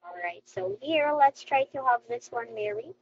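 A woman's voice: high voice, expressive, moderate pace, a little mellow, dull audio, slight background noise. A woman teaching an online English lesson to a young child, coaxing and sing-song, heard over a video call.

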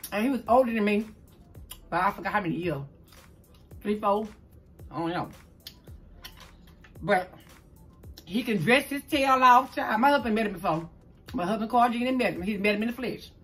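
A middle-aged woman from New Orleans with a Southern accent, chatting fast and stumbling over her words as she tells a story while eating on camera at home. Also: medium pitch, soft background music. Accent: Southern US, New Orleans tinge. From New Orleans, Louisiana. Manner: talks fast, stumbles over words, calls listeners "child". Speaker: mukbang vlogger host. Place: indoors at home, green screen.

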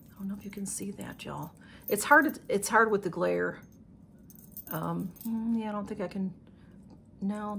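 A woman's voice: medium pitch, gravelly, a bit bright, slight background noise. A woman chatting casually to her camera as a vlogger, gushing with emotion and thanking over and over. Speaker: YouTube vlogger. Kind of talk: casual unboxing chat to camera.

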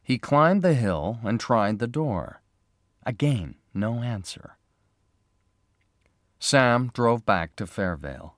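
Slow, expressive male storyteller. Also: medium pitch, dry recording, studio quality. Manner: slow, clear, expressive reading. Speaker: narrator. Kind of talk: graded reader story narration.

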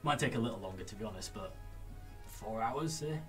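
Game master, male, animated and rambling, recorded from a distance over clear music. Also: lowish voice, a little fast. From England. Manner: loose, filler-heavy narration, laughs easily. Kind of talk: narrating and voicing characters in a tabletop game. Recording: distant mic with background music.

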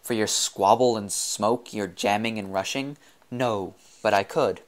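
A mad half-machine sculptor of a man, proud and theatrical, drawing out his words, as a male reader puts him on. The voice sits fairly low. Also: natural voice. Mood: grandiose. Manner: grandiose, theatrical, slow and drawn out.

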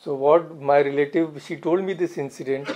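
A man's voice: fairly high pitch, steady tone, normal speed, a little mellow, slight background noise. A man giving a spiritual talk as a swami, earnest, repeating phrases for emphasis. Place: society hall.

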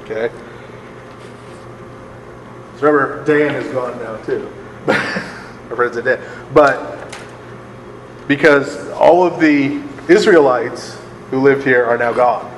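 A man's voice: mid-range voice, takes it slowly, long pauses, echoey room, long reverb tail, slight background noise, rough recording. A man, a priest, leading a live Bible study for a group, conversational and often laughing, checking in with his listeners. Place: large hall with a live group.

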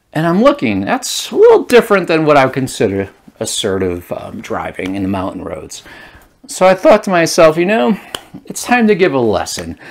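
Animated man telling a trail story. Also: mid-range voice. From Rhode Island. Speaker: vlogger. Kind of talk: storytelling vlog.

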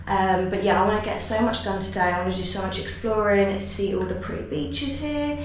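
A woman's voice: mid-range voice, fairly quick, a little hiss or hum. A young woman chatting casually as she vlogs her travels, gushing over what she sees. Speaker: travel vlogger. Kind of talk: casual travel vlog narration.

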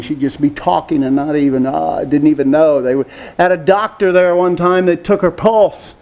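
Male preacher, high voice, emphatic sermon delivery with rhetorical questions. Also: darkish tone. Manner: emphatic, asks rhetorical questions, repeats phrases.

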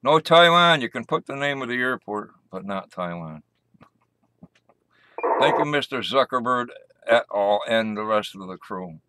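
A man's voice: mid-range voice, animated, a little slow, sharp tone, slight background noise, poor audio. A man rambling casually into his camera for a vlog, goofy and joking, laughing at himself. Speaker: vlogger.

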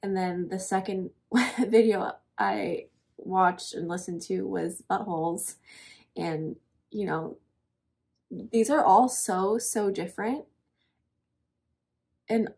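A young woman hosting a reaction video, her voice breathy and a little husky. She talks casually and rambles, filling gaps with "um" and "like". She sounds emotional and stays conversational throughout. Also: mid-range voice, slow, pauses often, a little mellow. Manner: emotional, rambling, many fillers like "um" and "literally".

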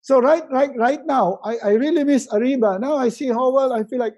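A man giving a lively motivational webinar talk, repeating words for emphasis and swinging between loud and hushed delivery. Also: very high-pitched, a little fast, few pauses, highs cut off. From Philippines. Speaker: resiliency coach.

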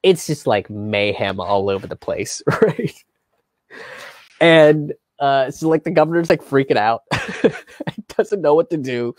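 A man's voice: mid-range voice, animated, a little slow, no echo. A man hosting his own show, telling history in a loose, rambling way with lots of fillers and a wry, profane edge. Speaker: comedian and show host. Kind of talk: casual history commentary.

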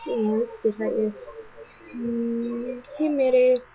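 A young woman with a Scottish accent, rambling through chatty webcam shout-outs to followers at home, talking fast. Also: fairly high pitch, creaky. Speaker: vlogger. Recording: dull lo-fi webcam audio.

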